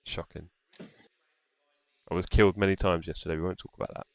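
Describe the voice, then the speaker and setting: A man's voice: low-pitched, fairly even intonation, brisk, darkish tone, dry recording. A man hosting a live sim racing stream, chatting casually, teasing and reading the chat aloud. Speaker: stream host.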